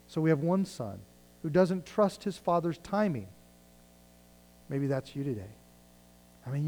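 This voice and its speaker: In a rough recording, a man with a fairly high but dark voice preaches, reading scripture and paraphrasing it casually. He moves between surges and drops in intensity.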